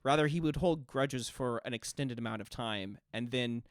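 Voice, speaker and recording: A man running a tabletop game as game master, narrating scenes in a measured, descriptive way. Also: mid-range voice, clear, resonant tone, dry recording, studio quality.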